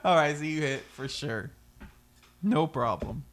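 A man narrating as game master in a tabletop game, relaxed and quick to laugh. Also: fairly high pitch. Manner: relaxed, laughs often, easygoing.

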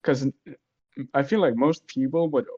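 Male guest, mid-pitched, agreeable and questioning, muffled lo-fi audio. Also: a little slow, warm tone, husky. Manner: inquisitive, agreeable, thinks aloud with hesitations. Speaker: guest seeking advice. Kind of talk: casual conversation.

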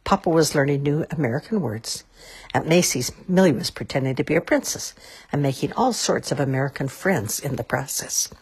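A woman reading a children's storybook aloud in an expressive, lilting way. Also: low voice, a little fast, breathy edge.

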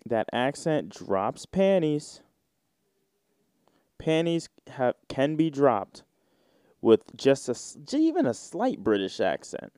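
A man's voice: mid-range voice, wildly swooping pitch, slow pace, dark tone, no echo, clean studio sound. A man in his twenties from the United States, hosting a solo podcast in a rambling, joking, slangy way. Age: 20s. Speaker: podcast host. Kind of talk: casual solo podcast chat.

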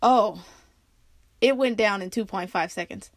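A woman hosting her own podcast, talking casually and candidly, laughing often and swearing freely as she tells stories with big jumps in pitch. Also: measured pace, dry recording. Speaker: podcast host. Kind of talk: casual personal monologue.

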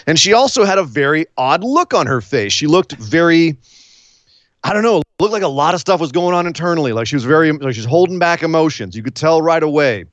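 Male co-host, lively pitch, slightly high, storyteller who acts out quotes, dry remote mic. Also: a little fast, dry recording, muffled recording. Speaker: podcast co-host. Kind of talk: casual wrestling recap chat. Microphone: remote call mic.

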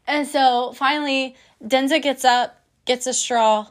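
A young adult woman telling a candid personal story in a lively, emotional way, acting out what her friends said. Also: high-pitched, a little slow. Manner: candid, emotional, lively retelling with quoted voices.

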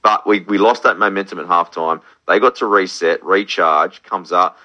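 A man's voice: low voice, fairly even intonation, normal speed. A man in casual, blunt sports chat, swearing and laughing easily. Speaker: podcast co-host. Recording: dull lo-fi sound.

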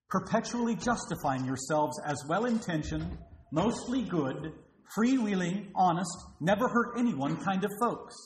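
Pastor guy preaching hard, voice jumps all over, roomy echo. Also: fairly high pitch. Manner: emphatic, with rhetorical questions to the congregation. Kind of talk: sermon.

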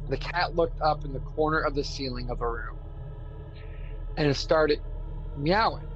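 A man from Arkansas co-hosting a casual podcast, a laid-back storyteller who fills his talk with fillers. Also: a little high. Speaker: podcast co-host. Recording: dull lo-fi audio with loud music behind.

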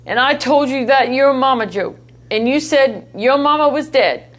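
A man's voice: very high voice, normal speed, fairly bright tone, voice pushed up. A woman voicing a big stern male army drill sergeant, barking his words. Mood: moved. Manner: barking orders.

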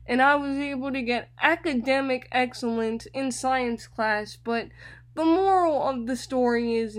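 A young woman from Florida, hosting a radio show and telling a personal story in an animated way, often repeating words. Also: fairly high pitch. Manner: animated, repeats words, addresses listeners as y'all.

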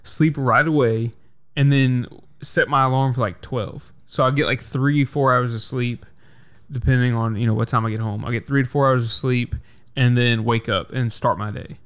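A man's voice: mid-range voice, steady tone, moderate pace, a bit bright, smooth. A man hosting a casual podcast, telling stories in a heated, profane way. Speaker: podcast host.

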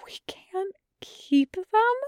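A woman voicing a sweet, soft-hearted young man who gushes and tears up easily, slipping into breathy whispers. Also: extremely high pitch, measured pace, no echo, studio quality, voice pushed up. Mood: teary.

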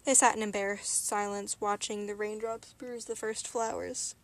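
A woman reading a novel aloud as a podcaster, relaxed, with small slips now and then. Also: medium pitch, normal speed. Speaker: reader and podcaster.

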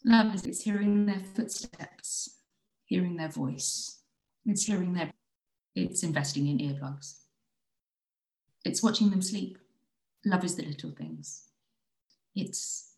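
Woman, spoken-word poem, slow and soft, gravelly low voice, echoey room. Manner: slow, measured, soft and intimate. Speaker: writer reading her piece.

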